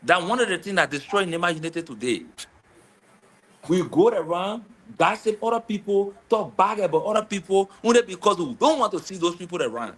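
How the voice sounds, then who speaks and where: Man, bright voice, animated, repeats himself, casual chat. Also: high-pitched, a little fast. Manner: animated storytelling, repeats words.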